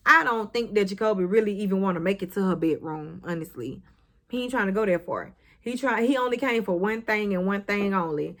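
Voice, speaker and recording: Sassy high-voiced woman recapping a show. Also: fairly bright tone. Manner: sassy, blunt, swears, talks to the characters. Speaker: recap vlogger.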